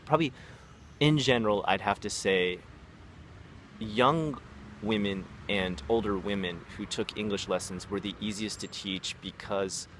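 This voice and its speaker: A man with a low voice tells stories in a loose, rambling vlog, full of fillers. He acts out the people in his stories in quick asides. Faint traffic hums in the background. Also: fairly bright tone. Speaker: vlogger, former English teacher. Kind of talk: casual storytelling vlog.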